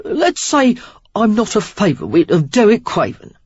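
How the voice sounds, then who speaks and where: A man's voice: sits high, very animated, moderate pace, a little mellow, slightly rough, dry recording, voice pushed up, heavily acted. A narrator voicing a roguish, flirtatious man with a Cockney accent in a novel reading. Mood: jaunty. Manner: breezy, slangy, teasing. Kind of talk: audiobook character reading. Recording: dull lo-fi dry recording.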